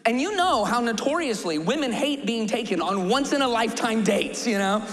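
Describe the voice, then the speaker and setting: Male pastor, live sermon, animated and expressive, long hall reverb. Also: high-pitched, normal speed. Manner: animated storytelling, shouting rhetorical questions.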